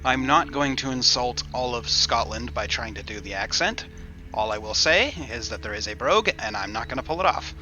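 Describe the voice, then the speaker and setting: A man narrating as game master of a tabletop game, easygoing and casual, with many pauses. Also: medium pitch, expressive, sharp tone, lo-fi sound, soft background music. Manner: easygoing, casual, says "uh" often.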